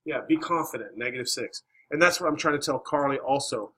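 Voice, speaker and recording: Male teacher, classroom, bright tone, encouraging and coaxing. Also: fairly high pitch, lively intonation, fast, poor audio. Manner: encouraging, coaxing questions, many "all right"s. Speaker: math teacher.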